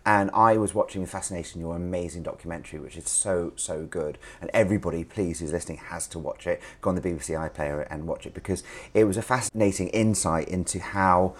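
Low-voiced chatty male podcast host. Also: quick pace, hardly any pauses. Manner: chatty, enthusiastic. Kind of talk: podcast interview and read advert. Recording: music bed under voice.

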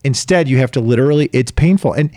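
A man's voice: mid-range voice, quick pace, mellow, no room sound, studio quality. A middle-aged man, a coach, talking casually and emphatically, repeating key phrases and acting out quotes. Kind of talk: casual chat.

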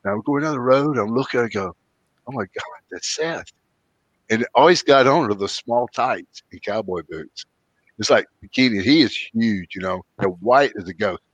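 A man chats casually as a podcast host and slides into loose, folksy stories. The audio is dry and a bit dull, like a low-fidelity recording. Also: normal speed, no room sound. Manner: folksy, rambling storyteller with lively quoted voices. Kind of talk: casual chat, storytelling.

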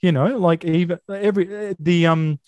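A man hosting a podcast, chatting about a film in an animated, incredulous way and swearing freely. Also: high voice, moderate pace, no room sound, dull audio. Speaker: podcast host. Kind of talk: casual film-review chat.

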